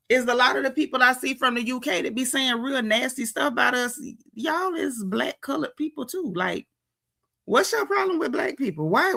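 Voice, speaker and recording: A woman with an African American English accent hosting a gossip commentary stream, talking in a sassy, indignant, animated way. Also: a little high, creaky. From United States. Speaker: gossip show host. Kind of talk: casual commentary livestream.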